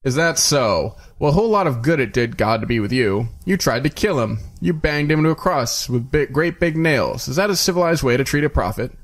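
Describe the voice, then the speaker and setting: A man's voice: mid-range voice, lively intonation, fairly quick, hardly any pauses, lightly acted. A man voicing a proud, indignant Christian priest who snaps and sputters in an audiobook reading. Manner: snapping, sputtering, raised voice.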